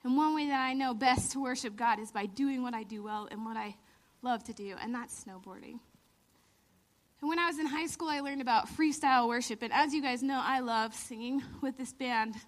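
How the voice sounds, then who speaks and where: A woman in her thirties giving a lively storytelling sermon, laughing often and acting out the lines she quotes. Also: high voice, normal speed. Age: 30s. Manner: animated, laughing storyteller who acts out quotes. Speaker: church speaker.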